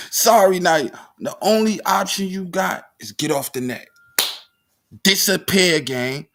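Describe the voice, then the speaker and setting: A man hosting a reaction video, commenting in a mocking, animated, slang-heavy way. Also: fairly high pitch.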